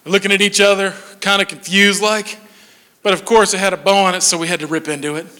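High, bright-voiced man telling comic stories. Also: fast talker. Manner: animated, laughs through his punchlines. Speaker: stand-up comedian. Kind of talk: comic storytelling on stage. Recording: long hall reverb.

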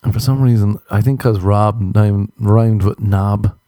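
A young Irish man tells crude, rambling comic stories in a casual monologue. His voice sits a little low and sounds mellow, and the recording is dry and close. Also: steady tone, measured pace, no room sound. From Ireland. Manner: rambling, crude, jokey storytelling with laughs.

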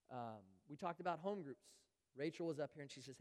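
A pastor preaches a sermon in a church sanctuary, his voice sitting slightly high for a man and his pace quick, animated and nearly pause-free. Earnestly, he pushes harder on key phrases, drops to near-whispers on others, and sometimes acts out churchgoers' voices. Every phrase trails off into the hall's long reverb.

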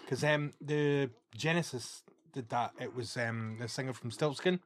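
A man's voice: medium pitch, unhurried. A man co-hosting a podcast in casual chat, musing aloud and hesitating often as he recalls details. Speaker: podcast co-host.

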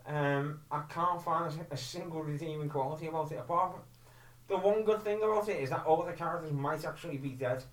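A man's voice: a little high, a little fast. Dry, contrary man, distant roomy mic. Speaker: co-host. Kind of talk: casual chat about films.

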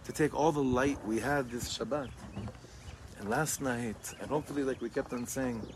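A middle-aged man, a rabbi, gently leading a guided meditation outdoors and chanting a melody, speaking in a halting way as he searches for words. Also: medium pitch, a little hiss or hum. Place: outdoors among greenery with birds. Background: birdsong and music.

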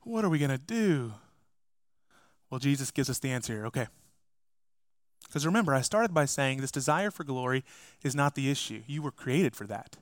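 A man's voice: medium pitch, expressive, moderate pace, pauses often, dry recording. Emphatic male pastor, dry close sound. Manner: emphatic, addresses the congregation directly. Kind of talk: sermon.

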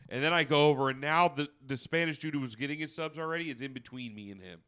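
A man's voice: a little high, fast talker, clear, resonant tone. A man telling a story in casual podcast chat, swearing freely and piling on fillers. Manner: profane, animated storytelling with lots of fillers.

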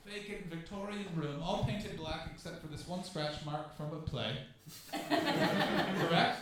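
A young Canadian man from Ontario hosting a live comedy podcast, rambling and self-mocking, breaking into shouted impressions. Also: on the high side, lively intonation, unhurried, distant mic, a little hiss or hum. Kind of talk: live stand-up storytelling. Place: small black-box theatre with a live audience. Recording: echoey theatre from off-mic with crowd laughter.

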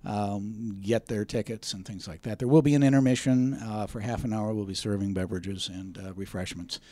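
A man's voice: fairly low pitch, steady tone, normal speed, warm tone, no room sound. Hesitant man with lots of fillers. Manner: hesitant, many fillers, jokey. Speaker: arts center guest. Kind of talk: casual radio talk.

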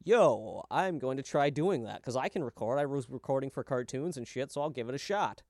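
A man's voice: mid-range voice, lively intonation, fairly quick, darkish tone, no echo, clean studio sound. A man co-hosting a podcast in loose, jokey casual chat, often laughing. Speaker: podcast co-host.

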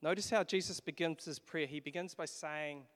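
A man delivering a sermon as pastor, earnest, with occasional pauses and rising emphatic peaks. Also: a little high, fairly even intonation, fairly bright tone. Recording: long hall reverb.

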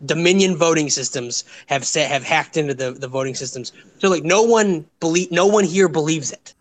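A mocking man cohosting a comedy talk show, riffing hard and slipping into quick impressions. His voice sits a touch higher than most men's. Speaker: podcast co-host. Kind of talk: casual comedic chat.

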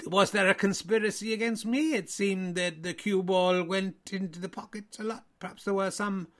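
A man's voice: high-pitched, fairly even intonation, moderate pace, a bit bright, pitched above the performer's own voice. A hammy stage-Irish snooker player, put on by a man in a comic commentary improv. The voice sits well above the performer's own and bounces with overdone jolly patter. The put-on Irish accent keeps slipping into Welsh.

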